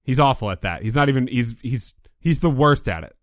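A man's voice: mid-range voice, animated, a little fast, no echo, studio quality. A man co-hosting a podcast, chatting casually about a film and acting out quotes with quips. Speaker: podcast co-host. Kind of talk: casual movie review chat.

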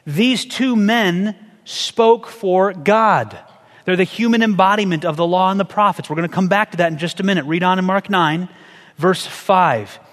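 Male pastor, high-pitched, conversational sermon delivery with lots of questions, long hall reverb. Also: moderate pace, a bit bright. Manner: conversational preaching with rhetorical questions.

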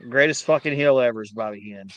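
A man's voice: mid-range voice, quick pace, no echo. A man co-hosting a casual podcast, blunt and profane. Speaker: podcast co-host. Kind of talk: casual chat.

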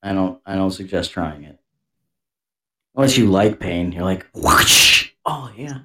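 Man, podcast co-host, crude teasing banter, lowish voice. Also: normal speed, a little mellow. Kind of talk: casual chat.

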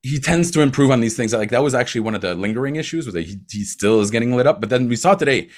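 A man in casual sports chat about hockey, animated, laughing often, with quick asides. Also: medium pitch. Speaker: hockey commentator.

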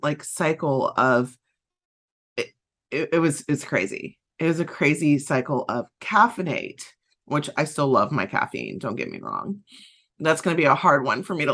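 Southern lady podcaster, lowish voice, rambly motivational chat with lots of likes and ums. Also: a bit bright. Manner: chatty, repeats herself, frequent fillers. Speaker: podcast host. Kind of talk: casual motivational monologue.

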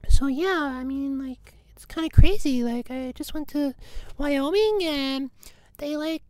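A woman's voice: high-pitched, a little slow, darkish tone, no room sound. A woman playing a vague young man in an improvised comedy bit, mumbling and full of "like" and "you know". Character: aimless young man denying blame. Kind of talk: improvised comedy role-play.

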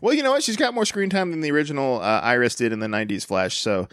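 A man's voice: medium pitch, fast, fairly bright tone, no echo, clean studio sound. A man co-hosting a casual podcast, reading a summary with playful inflections and laughter. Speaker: podcast co-host.

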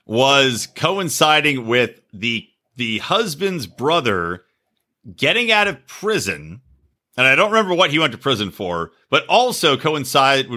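Animated man telling a crude story. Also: medium pitch. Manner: animated, shouts when acting out quotes. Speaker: podcast host.

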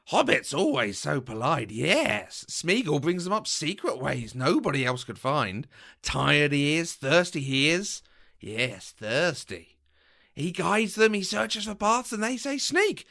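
A man's voice: on the high side, very animated, takes it slowly, gravelly, pushed and bright, full character voice. A man voicing a sly, wheedling creature in a fan reading, repeating words in a fawning way.

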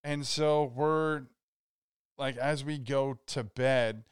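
A man's voice: mid-range voice, fairly even intonation, takes it slowly, clear, resonant tone, no echo, studio quality. A young man, co-hosting a podcast and telling a story in a rambling, swearing way, acting out what people said. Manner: rambling, swearing, acts out quotes. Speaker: podcast co-host. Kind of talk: casual storytelling chat.

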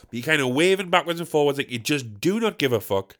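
A man's voice: fairly high pitch, lively intonation, fast talker, a bit bright. A British man hosting a solo comedy podcast, ranting in a sweary, rambling way. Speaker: podcast host.

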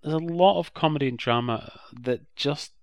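A man's voice: fairly high pitch, normal speed, no room sound. Podcast cohost guy, chatty and emphatic, bone dry recording. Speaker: podcast co-host. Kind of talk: casual podcast discussion.

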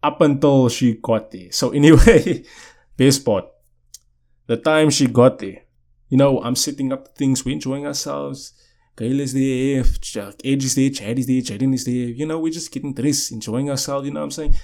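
A man's voice: medium pitch, lively intonation, fairly quick, a little mellow. A young man, telling a story casually to viewers in a rambling way with many restarts. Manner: rambling, restarts sentences, keeps asking "you know what I'm saying". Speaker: vlogger.

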